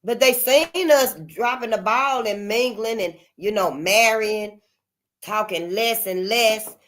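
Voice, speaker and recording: A woman hosting her channel, talking in impassioned commentary with frequent cussing and sudden swings from loud outbursts to quiet asides. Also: takes it slowly. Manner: emphatic, colloquial, cusses freely, swings between loud outbursts and low asides. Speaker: channel host.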